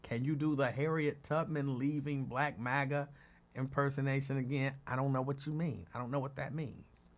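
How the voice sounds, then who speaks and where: A man's voice: medium pitch, steady tone, normal speed. A man hosting his own show, telling rambling stories in a casual chat and laughing often. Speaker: show host.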